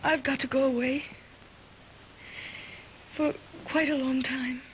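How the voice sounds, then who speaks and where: A gentle young mother near death, her voice high and soft, soothing her son with halting, tender words. The speech has the measured, theatrical polish of 1930s film acting. A faint hiss lies under it. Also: flat delivery, low-quality recording.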